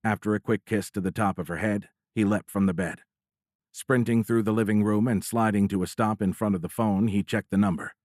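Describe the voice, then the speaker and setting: A man narrating a military science fiction audiobook in a steady, measured storytelling voice. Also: lowish voice, no room sound, studio quality.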